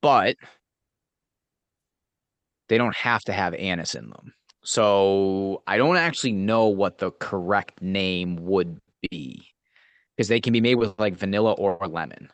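A man co-hosting a podcast with a very low voice and a dry, deadpan way of joking. He chats casually and stays calm. The sound is close and dry. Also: a little slow, no echo, muffled recording. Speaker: podcast co-host. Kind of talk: casual chat.

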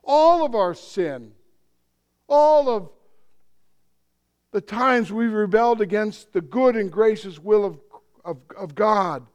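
A man with a high voice preaches a sermon at an unhurried pace. He is deliberate and emphatic and poses rhetorical questions to his listeners. On solemn points he sinks low and soft. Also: animated, clean tone.

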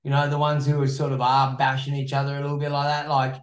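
A man's voice: medium pitch, monotone, fast. A man co-hosting a casual podcast, agreeing often and swearing freely. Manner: agreeable, swears a lot, many "yeah" backchannels. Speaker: podcast co-host, fight gym coach. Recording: roomy echo.

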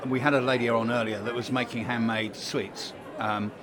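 A man's voice: medium pitch, flat delivery, normal speed. A man hosting a casual interview, chatty and enthusiastic, talking into a handheld microphone. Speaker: host. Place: trade show hall. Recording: busy crowd chatter behind.

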